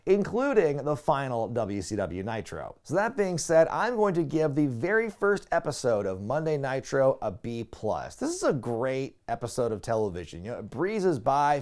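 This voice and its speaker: Casual male reviewer, middle-pitched, chatty and excitable, swings his pitch a lot. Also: normal speed. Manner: chatty, excitable, laughs at his own asides. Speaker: wrestling show reviewer. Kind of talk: casual video review commentary.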